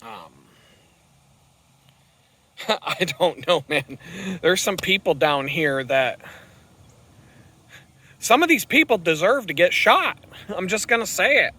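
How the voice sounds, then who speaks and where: A man venting as he rides his bike outdoors, cursing freely and circling back on his own points. His voice is forceful and bright, sitting a touch high for a man. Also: lively intonation, takes it slowly, long pauses. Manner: profane, ranting. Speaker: vlogger. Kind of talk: rambling vlog while riding. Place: outdoors on a bicycle on the road.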